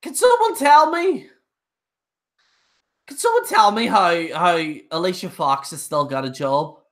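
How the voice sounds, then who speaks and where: A man's voice: high-pitched, lively intonation, measured pace, fairly bright tone. Blunt, rambling young male reviewer. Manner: blunt, ranting, rambling with many restarts. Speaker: wrestling show reviewer. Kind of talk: casual live-stream rant.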